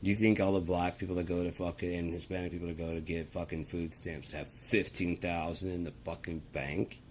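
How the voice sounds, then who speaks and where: A man's voice: low voice, flat delivery, fairly quick, slight background noise. A man ranting in a casual, profane and rambling way, talking to the camera. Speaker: vlogger. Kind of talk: casual rant.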